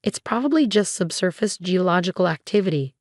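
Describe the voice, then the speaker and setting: A woman's voice: lowish voice, animated, fairly quick, a little mellow, dry recording, clean studio sound. A woman reading the lines of a scornful, jealous stepsister who talks dismissively.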